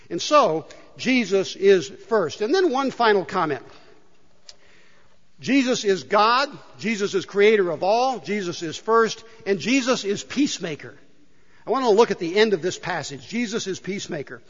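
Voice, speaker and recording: Pastor, male, lively high-ish voice, emphatic sermon delivery, dull, echoey church recording. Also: normal speed. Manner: emphatic, rhetorical questions to the congregation. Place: church sanctuary. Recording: dull, reverberant church hall.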